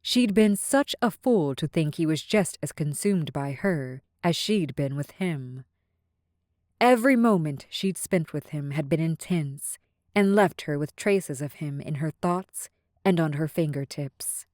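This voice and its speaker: A woman narrating a romance audiobook in a measured, even storytelling manner. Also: sits low, dry recording, clean studio sound.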